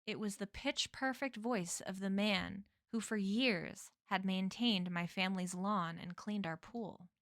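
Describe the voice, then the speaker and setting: A woman reading a novel aloud as a stream host, in measured storytelling. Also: medium pitch, fairly bright tone, no room sound, clean studio sound.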